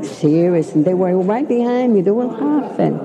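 An older woman reminisces in a chatty, rambling way, laughing at her own stories. Her voice has a gravelly edge. A crowd murmurs clearly behind her. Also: medium pitch, animated, normal speed, muffled recording. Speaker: interviewee. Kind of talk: reminiscing oral history.

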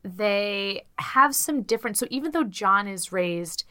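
A woman's voice: medium pitch, animated, a little slow, bright, forceful tone, clear, resonant tone. A woman co-hosting a podcast, telling a story in a chatty, jokey way and laughing often. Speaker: podcast co-host. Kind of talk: casual chat, storytelling.

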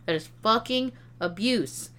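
A woman's voice: a little high, expressive, a little slow, sharp tone. A woman co-hosting a podcast, talking bluntly and emphatically with plenty of swearing. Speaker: podcast co-host. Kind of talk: casual movie review chat.

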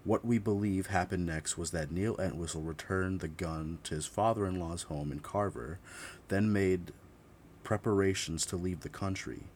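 A man's voice: sits low, moderate pace, a little mellow, slight background noise. A man narrating a true-crime story who reads steadily, corrects his own slips, and breaks into blunt, profane asides.

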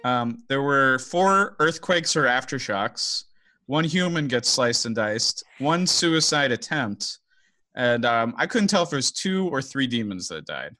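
A man's voice: mid-range voice, sing-song, measured pace, sharp tone, soft background music. A man hosting a podcast in casual chat, leading the segments and laughing easily. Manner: laughing, easygoing, leads segments. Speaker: podcast host.

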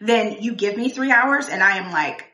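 Bright-voiced chatty woman. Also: medium pitch, animated, normal speed, far from the mic. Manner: chatty, laughs often, trails off and restarts. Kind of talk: casual chat. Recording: echoey room.

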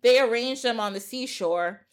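A woman podcast host casually retelling an old epic poem in a lively, laughing way. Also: a little high, normal speed. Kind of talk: casual storytelling chat.

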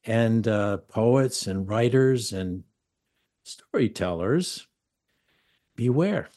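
An older man with a lowish voice, hosting a casual podcast chat. He tells stories with animated asides and jokes, and often laughs at his own punchlines. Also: measured pace. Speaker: podcast host.

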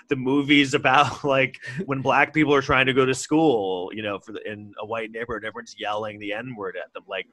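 A man's voice: medium pitch, little pitch movement, moderate pace, fairly bright tone, no echo. A man in casual chat, ranting and swearing in exasperation.

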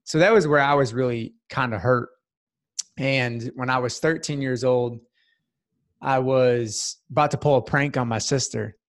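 A man's voice: mid-range voice, fairly even intonation, unhurried. Earnest man telling his story. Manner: earnest, heartfelt storytelling with many "like" fillers. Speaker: podcast guest. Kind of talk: personal life story in a casual interview.

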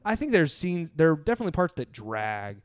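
A man with a smooth, clean voice hosts a laid-back movie podcast. He rambles loosely and pokes fun at himself. The sound is dry and close, with no room around it. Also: on the high side, sing-song, brisk, dry recording. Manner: loose, rambling, self-deprecating. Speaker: podcast host. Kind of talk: casual podcast chat.

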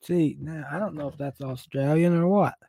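A man's voice: a little high, normal speed, mellow. A man co-hosting a casual podcast, easygoing, tossing in wry remarks and laughing along. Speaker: podcast co-host. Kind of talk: casual chat.

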